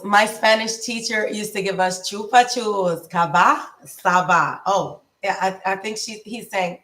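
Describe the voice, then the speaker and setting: Chatty upbeat woman streaming live, slow pace. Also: expressive, fairly bright tone, echoey room, poor audio. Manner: chatty, upbeat, greets viewers by name and drifts off topic; slows down to pronounce foreign words with bursts of high pitch. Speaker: lifestyle and nutrition livestream host. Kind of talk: casual livestream chat.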